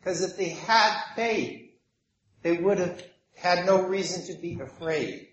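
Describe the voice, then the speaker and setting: A preacher man delivers his sermon at an unhurried pace, in a voice a little higher than most men's. He tells the story vividly, acting out its voices. The room around him is echoey. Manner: animated storytelling with acted voices.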